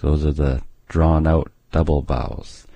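A man's voice: very deep voice, little pitch movement, a little slow, dark tone, husky, dry recording, muffled recording. A man teaching a language's alphabet on radio, drawing out each sound as he pronounces it. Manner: drags out sounds when pronouncing them.

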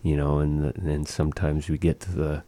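A man's voice: extremely low pitch, level tone, normal speed, mellow, no echo. A man teaching a language lesson, speaking patiently and repeating words for practice.

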